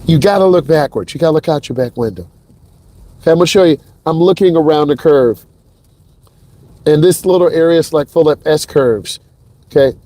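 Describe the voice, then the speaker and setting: A driving instructor talks through each move from behind the wheel, hyped and speaking straight to his viewers. His voice sits a little high for a man and sounds close and dry, with no room echo around it. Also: a little fast, long pauses, warm tone. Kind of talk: live driving lesson commentary. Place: inside a car while driving.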